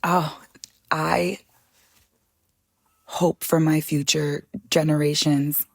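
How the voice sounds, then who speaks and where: Heartfelt low-voiced older woman. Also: flat delivery, no echo. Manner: heartfelt, halting, tearful at moments. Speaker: guest chef and author. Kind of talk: emotional interview conversation.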